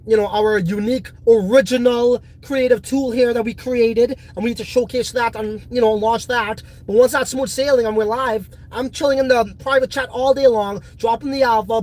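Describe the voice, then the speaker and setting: A man hosting a casual crypto livestream, reading viewer comments in a boastful, profane, rambling way. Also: extremely high pitch.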